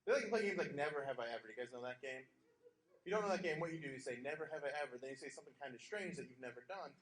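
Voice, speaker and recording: A man's voice: mid-range voice, expressive, racing, a bit bright. A man doing a stand-up set on a small theater stage, telling jokes drily and slipping into mock voices. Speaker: stand-up comic. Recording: echoey theater with noise.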